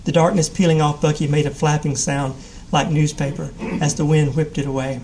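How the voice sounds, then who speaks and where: A man giving a measured live reading of a short story. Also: fairly high pitch, level tone, a little mellow, slight background noise, low-quality recording. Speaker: reader.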